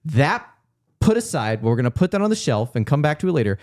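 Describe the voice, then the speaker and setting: A man's voice: fairly high pitch, big pitch swings, fast talker, darkish tone. A man co-hosting a casual film-review podcast, arguing his point at length with hedges and asides. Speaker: podcast co-host.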